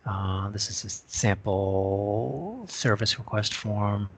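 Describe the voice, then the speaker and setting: Low-voiced man demoing software. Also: slow. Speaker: co-presenter. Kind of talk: screen-share software demo.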